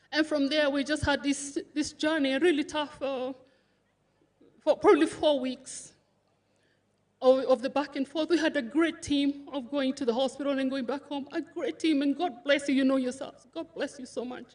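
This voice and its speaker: A woman's voice: high voice, steady tone, moderate pace, a little mellow. A woman giving an emotional tribute at a funeral service, laughing and crying as she speaks about her late brother-in-law. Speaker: eulogy speaker, sister-in-law of the deceased. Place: funeral service before a congregation.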